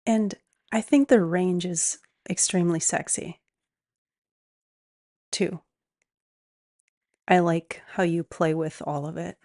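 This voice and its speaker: Woman, lowish voice, slow, soft-spoken, podcast co-host, dry sound. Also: no room sound. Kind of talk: casual chat.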